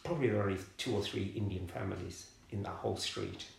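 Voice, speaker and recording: A middle-aged man from London telling his life story in an interview, halting and repeating words as he searches for them. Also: deep voice, vocal fry. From London, England. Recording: roomy echoey room.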